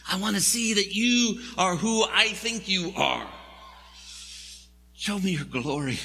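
A man's voice: sits high, slow, gravelly, bright, forceful tone, breathy edge. A man preaching a sermon in a church, telling the story in a conversational, wry way. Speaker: pastor. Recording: long hall reverb.

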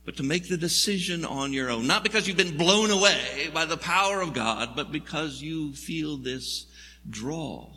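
Pastor, male, high and very bright, husky, wry storyteller, long church reverb. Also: animated, moderate pace. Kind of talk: sermon.

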